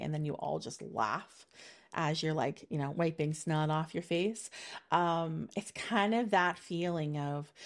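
A middle-aged woman giving a casual intuitive energy reading, chatty and meandering with many fillers, laughing easily. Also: fairly low pitch. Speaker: spiritual reader giving a monthly energy reading.

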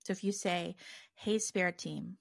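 A woman's voice: lowish voice, a little slow, creaky, dry recording, studio quality. A woman hosting her own podcast, talking casually on her own with lots of fillers and restarts. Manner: conversational, many fillers and restarts. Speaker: podcast host. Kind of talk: casual solo podcast monologue.

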